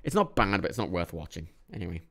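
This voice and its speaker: A young man casually reviewing films, rambling, swearing often, with sudden animated bursts and a tired edge. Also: sits low, quick pace. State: a bit tired. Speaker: film reviewer. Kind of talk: casual monthly movie review vlog.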